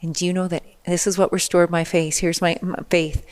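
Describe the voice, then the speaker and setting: A middle-aged woman, a podcast guest, telling a personal story in an animated way, acting out the people in it. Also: on the low side, a little fast.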